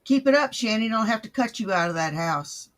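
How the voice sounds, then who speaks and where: A man's voice: high voice, animated, fairly quick, a bit bright. A male commentary host reacting to clips in a crude, profane, sneering manner.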